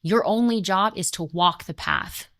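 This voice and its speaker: A patient, reassuring God, voiced by a young woman in her own everyday voice, speaks calmly and slowly in a spiritual talk. The pitch sits in a middle range. The recording is dry, with no room sound. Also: no echo, natural voice.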